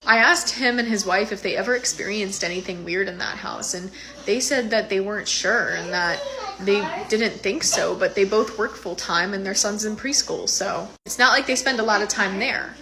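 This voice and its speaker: A woman in her thirties telling her own eerie experience in a casual, animated way, acting out what people said. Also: medium pitch, moderate pace, background noise. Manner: animated, retelling with quoted voices and fillers. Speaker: storyteller sharing a personal experience. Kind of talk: casual first-person storytelling.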